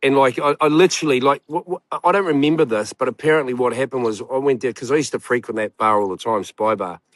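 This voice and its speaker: A man's voice: medium pitch, quick pace, dry recording. A man, a guest telling a long personal story in casual chat, rambling and swearing with many fillers. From New Zealand.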